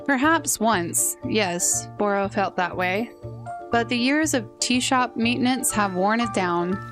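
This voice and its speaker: A woman voicing a gentle, kindly tea shop keeper in a video game who speaks with odd, halting grammar. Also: mid-range voice, music in the background, close to an everyday voice. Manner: calm and reassuring, with odd "is being" grammar.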